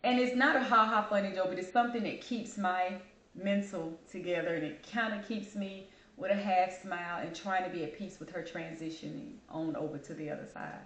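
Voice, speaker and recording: A woman's voice: lowish voice, steady tone, a little fast, fairly bright tone, reverberant. A woman hosting her own vlog, talking candidly to camera while grieving and holding back tears, calling her viewers y'all. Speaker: channel host.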